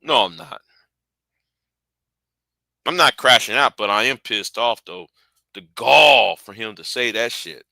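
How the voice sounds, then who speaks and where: A man's voice: medium pitch, expressive, normal speed, creaky, pushed and bright, no echo, low-quality recording. A man hosting a livestream, ranting heatedly and profanely, often repeating and restarting his words. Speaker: livestream host. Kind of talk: angry livestream rant.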